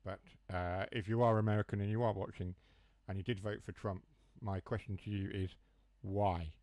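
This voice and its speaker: A young man from near Mansfield speaks with a broad Huthwaite accent, letting his H's and T's drop. His voice sits low, and the recording is dry and close, with no room around it. He rambles through jokey asides in a casual gaming-stream chat. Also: fairly even intonation, moderate pace, a little mellow, no room sound. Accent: Huthwaite, Nottinghamshire. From Mansfield area, England. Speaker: train sim streamer.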